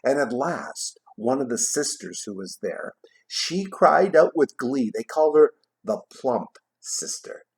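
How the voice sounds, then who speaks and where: A man's voice: medium pitch, very animated, a little slow, creaky. Chatty man telling a classic story. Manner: chatty, jokey, adds asides while retelling. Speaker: vlogger reading a classic novel aloud. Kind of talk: casual storytelling.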